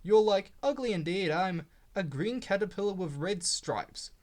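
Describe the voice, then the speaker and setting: A man's voice: high voice, animated, measured pace, darkish tone. A man voicing a cross, bossy male tank engine in a storybook reading.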